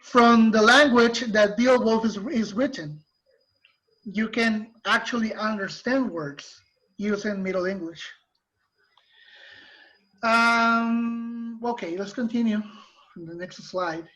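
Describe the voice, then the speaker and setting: Male teacher, patient and unhurried lecture delivery over a muffled lo-fi line. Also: extremely high pitch, a bit bright. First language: Spanish. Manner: patient, explains slowly with restarts. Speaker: literature teacher. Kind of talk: online class lecture. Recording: muffled lo-fi recording.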